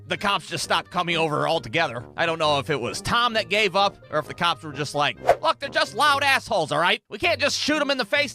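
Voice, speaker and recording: A man telling a comic story in a profane, animated, exaggerated way. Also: sits high. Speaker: comedian storyteller. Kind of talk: comedic storytelling.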